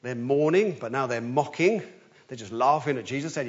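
A man delivers a sermon as lively storytelling, swinging between urgent rises and quiet, hushed passages. His pitch sits in a plain middle range. The recording sounds dull and slightly lo-fi. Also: normal speed. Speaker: preacher.

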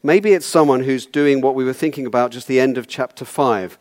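Wry, conversational preacher. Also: male voice, mid-range voice, a little fast, darkish tone. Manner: conversational, wry, repeats words. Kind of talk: sermon.

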